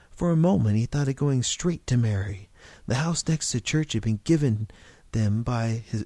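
A man's voice: fairly low pitch, dark tone, dry recording. A man reading a story aloud, narrating with occasional slips and restarts.

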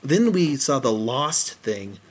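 A man's voice: medium pitch, big pitch swings, slow pace, slightly rough. A man reviewing short films in casual chat, rambling through plot retellings with plenty of fillers. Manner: chatty, rambling retellings with acted-out quotes. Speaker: film reviewer.

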